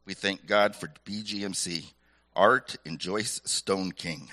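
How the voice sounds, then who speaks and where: Bright-voiced man leading a church prayer. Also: sits low. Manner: halting, repeats words, folksy.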